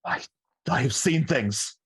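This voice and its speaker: A man's voice: medium pitch, animated, slow, fairly bright tone, husky. A man playing a tabletop role-playing game, often speaking in character and stammering and repeating words as he thinks aloud. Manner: stammering, repeats words while piecing things together. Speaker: player.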